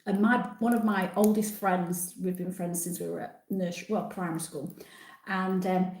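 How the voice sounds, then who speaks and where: A woman's voice: on the low side, fairly even intonation, moderate pace, a little mellow, echoey room. A woman in her sixties hosting a live stream, reading viewer comments aloud and chatting back in a casual, self-deprecating way. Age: 60s.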